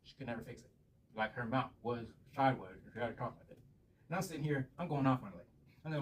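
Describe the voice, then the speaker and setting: A man with a mid-range voice talks quickly, ranting casually to the camera as a vlogger and telling rambling stories packed with profanity. The mic sits slightly distant, picking up faint room noise.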